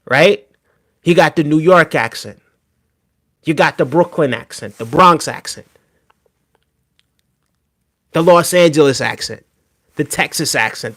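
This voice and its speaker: Reacting to a video during a casual livestream, this man fields his chat emphatically and keeps tagging his remarks with "right?". His voice runs on the high side with a slightly bright tone.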